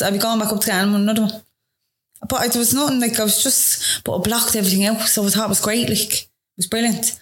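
A young woman with a Dublin accent, telling her story in a chatty, casual way with quick, laughing asides. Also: medium pitch. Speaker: interview guest.

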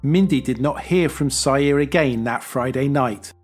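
A man hosting a podcast, narrating in a measured, even storytelling manner. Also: mid-range voice, husky, soft background music. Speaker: podcast host. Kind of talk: scripted narration.

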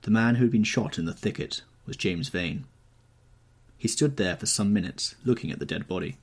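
Husky low-voiced male storyteller. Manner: measured, dramatic storytelling. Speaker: podcast audiobook narrator. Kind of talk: scripted narration.

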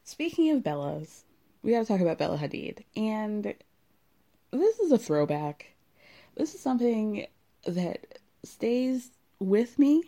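A woman's voice: medium pitch, very animated, a little slow, warm tone. A woman hosting a podcast, chatting about gossip in a sarcastic, rambling, giggly way. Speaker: podcast host. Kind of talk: casual gossip chat.

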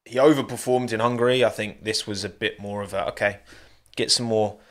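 Casting: male podcast host, low-ish voice, chatty and jokey solo chat. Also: fairly even intonation, fairly quick, a bit bright. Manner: chatty, jokey, thanks listeners by name. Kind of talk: solo post-race chat.

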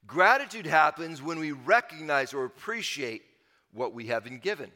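Bright-voiced male pastor preaching in a hall. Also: a little high, lively intonation, normal speed. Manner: emphatic, repeats key phrases. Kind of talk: sermon.

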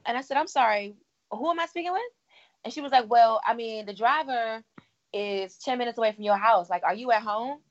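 On a podcast, a woman co-host chats with friends in a brisk, high-ish voice, telling her story energetically. She slips into the voices of the people she quotes, and the audio sounds a little dull.

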